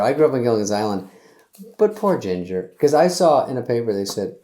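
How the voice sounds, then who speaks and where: A man's voice: fairly low pitch, animated, fairly quick, dark tone, echoey room. A middle-aged man hosting, delivering a loose, sarcastic comedy monologue that acts out little quotes in other voices. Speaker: host.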